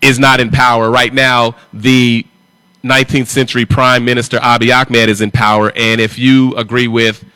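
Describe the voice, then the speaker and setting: A man's voice: mid-range voice, flat delivery, moderate pace, pushed and bright, clean tone, dry recording. A man hosting a live stream, talking in an emphatic, repetitive and confrontational way. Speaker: livestream host.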